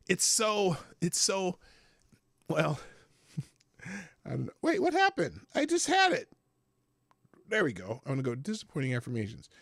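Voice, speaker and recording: Gravelly, lively-voiced man hosting. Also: high voice, normal speed, no echo, clean studio sound. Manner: rambling, profane, chuckling often. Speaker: host. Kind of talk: casual livestream chat. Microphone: headphones with desk mic.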